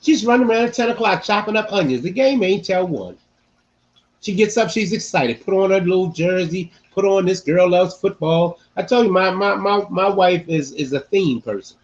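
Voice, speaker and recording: A man hosting a casual sports-talk podcast, his voice sitting a bit high for a man. He talks in an animated way and hammers his points home by repeating phrases. The audio is dull and lo-fi. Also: normal speed. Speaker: podcast host.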